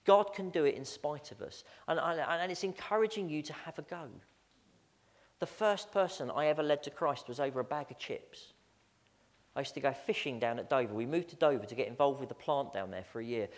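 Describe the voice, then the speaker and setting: A man's voice: a little high, a little fast. A man preaching a storytelling sermon as pastor, chatty and self-mocking, often stammering out repeated words. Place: church sanctuary. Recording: long church-hall reverb.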